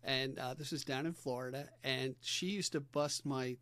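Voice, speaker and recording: Easygoing New York podcast host. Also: male voice, mid-range voice, fairly even intonation, moderate pace, fairly bright tone, dry recording. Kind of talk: casual interview chat.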